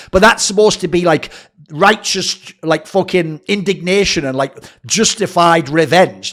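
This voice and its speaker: A man's voice: high voice, a bit bright. A man giving heated, sarcastic, profane esports commentary as a channel host. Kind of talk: ranting commentary.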